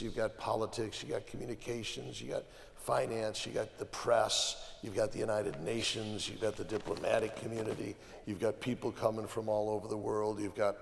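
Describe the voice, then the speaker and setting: This lowish voice with vocal fry belongs to an archbishop from the American Midwest, a guest on a panel. Long hall reverb follows his emphatic, conversational talk as he repeats phrases and starts sentences over.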